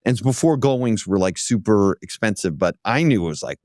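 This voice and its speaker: A man, an auto executive, is a guest on an interview show, telling lively stories and acting out other people's voices. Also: on the low side, fairly quick, no room sound, studio quality. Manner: lively anecdote-teller who acts out other voices. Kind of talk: casual interview storytelling.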